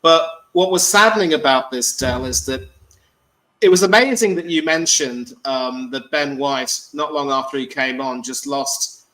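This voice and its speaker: A man calling into a football show, speaking in a measured, wordy way with lots of ums. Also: medium pitch, a bit bright, rough recording. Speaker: caller. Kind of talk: articulate casual chat.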